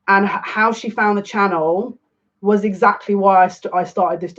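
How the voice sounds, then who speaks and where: A woman's voice: mid-range voice, fairly even intonation, normal speed, a bit bright, highs cut off. A woman reading tarot live, chatty and dramatic, mocking herself as she talks. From half Turkish. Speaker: psychic tarot reader. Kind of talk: casual live-stream reading.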